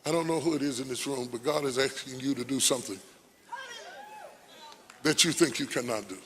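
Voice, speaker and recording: A man's voice: mid-range voice, fairly quick, fairly bright tone, in a large hall, slight background noise. A male preacher giving a sermon, emphatic and rhetorical, with repeated questions and phrases.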